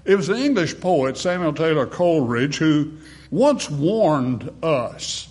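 A man preaching a sermon in a dramatic, rhetorical manner, swinging between booming emphasis and hushed, quiet phrases. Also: lively intonation, unhurried. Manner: rhetorical, acts out congregation replies. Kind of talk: sermon with opening prayer.

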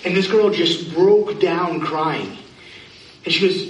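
Male pastor, high voice, conversational sermon, echoey church from far off. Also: steady tone, normal speed, a little hiss or hum. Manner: conversational preaching with questions to the congregation. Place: church sanctuary.

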